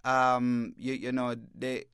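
Male reporter guest, halting and stammering, plain mid voice, dry studio sound. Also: mid-range voice, monotone, fairly bright tone, smooth, no room sound. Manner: halting, repeats words, stammers. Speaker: newspaper reporter, interview guest. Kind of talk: emotional first-person account. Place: radio bureau studio.

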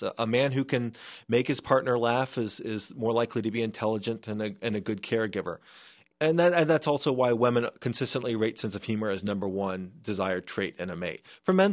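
A man of middling pitch speaks as a scientist guest on a radio interview. He explains things earnestly, often stumbling and restarting mid-sentence. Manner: earnest, with frequent restarts and fillers.

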